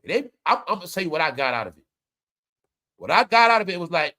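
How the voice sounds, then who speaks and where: A man giving animated, slangy casual commentary, often turning to his viewers. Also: high-pitched, fast. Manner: animated, slangy, keeps addressing the audience. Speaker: commentary vlogger.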